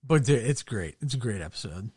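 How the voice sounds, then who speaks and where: A man's voice: lively intonation, a little fast, darkish tone, husky, dry recording. Guy cohosting a chat, crude gleeful storyteller, dry close sound. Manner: crude, gleeful storytelling, drops voice low for punchlines. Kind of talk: casual chat.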